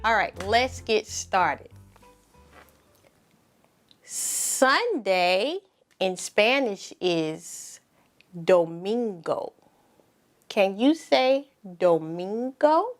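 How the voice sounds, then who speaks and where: A woman teaching a preschool circle-time lesson, speaking slowly and clearly with lots of encouraging praise for the children. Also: medium pitch, sing-song, faint music behind. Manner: slow, exaggerated, encouraging teacher talk.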